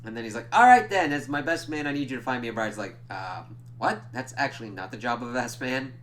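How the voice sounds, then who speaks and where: Profane, animated man recapping a show. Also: mid-range voice, quick pace. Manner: animated, profane retelling with quoted lines; stumbles over words and laughs at himself. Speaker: TV reviewer. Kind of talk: casual episode recap.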